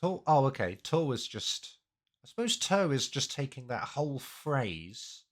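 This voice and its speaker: A man's voice: medium pitch, very animated, unhurried. A man casually breaking down language and grammar, thinking aloud with many fillers and self-corrections. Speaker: language learning streamer.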